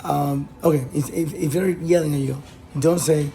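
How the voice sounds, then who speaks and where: Halting man giving relationship advice. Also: on the high side, steady tone, creaky, warm tone, faint music behind, low-quality recording. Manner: hesitant, many fillers and restarts. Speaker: advice host. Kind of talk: casual relationship advice talk.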